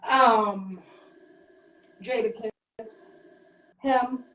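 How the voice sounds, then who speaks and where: A woman rapper from Queens, New York, chatting casually in an interview with a relaxed, rambling manner and many fillers. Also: a little high, very slow. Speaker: rapper guest. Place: hotel room while getting ready. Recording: roomy, distant, faint background noise.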